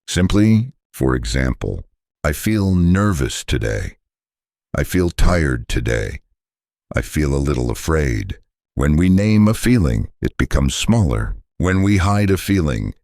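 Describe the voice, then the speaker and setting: A man with an extremely deep voice speaks very slowly as he narrates a graded-reader English lesson. His manner is calm and gentle, with deliberate pauses for repeat-after-me drills. The sound is dry and close. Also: no room sound. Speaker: English teacher.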